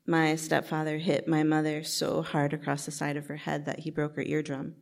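A middle-aged woman recounts her own life story to a listening audience. Her voice sits low and carries a gravelly, fried edge. She talks candidly and casually, sprinkling in "like" and "um.". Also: level tone, moderate pace, fairly bright tone. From New Jersey, USA. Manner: casual, frequent "like" and "um" fillers, candid.

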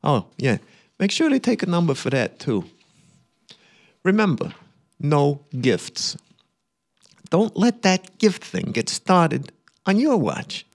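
Guy doing a loud bossy old new uncle, brash, voice jumping all over, bit higher than his own. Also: wildly swooping pitch, slow pace, long pauses, full character voice. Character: bossy older New York uncle, blunt and controlling.

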